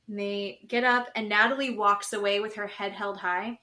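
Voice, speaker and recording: A woman's voice: mid-range voice, moderate pace. A woman co-hosting a podcast, casually recapping a reality show and acting out what the cast said. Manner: animated retelling, acting out quotes. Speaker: podcast co-host.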